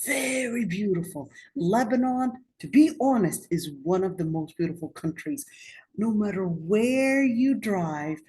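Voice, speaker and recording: A woman's voice: medium pitch, expressive, unhurried, mellow. A woman giving a religious studies lesson, talking conversationally and putting questions to her class. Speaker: Islamic studies lecturer. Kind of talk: classroom lecture.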